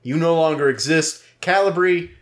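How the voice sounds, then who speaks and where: A man co-hosting a podcast in casual, joking banter, playful and quick to swear. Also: on the high side. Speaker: podcast co-host.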